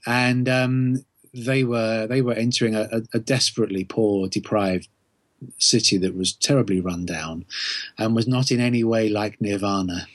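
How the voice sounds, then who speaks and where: Man author talking it through slow and thoughtful, lots of ums, dry sound. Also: fairly low pitch, steady tone, no room sound. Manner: measured, thoughtful, many ums. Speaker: author and guest. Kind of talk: interview, explaining at length.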